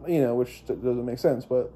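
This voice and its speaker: A young man with a very dark, mellow voice rambles through a personal story. He swears freely and keeps restarting his sentences as he talks. His pitch sits in a middling range for a man. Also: moderate pace, husky. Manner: profane, meandering, frequent restarts and fillers. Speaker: vlogger.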